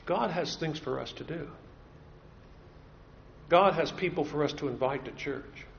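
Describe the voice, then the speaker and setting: An earnest male preacher delivering a sermon, driving points home by repeating key phrases. His voice sits a little high for a man. The recording is dull and lo-fi. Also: slight background noise. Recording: dull lo-fi sound.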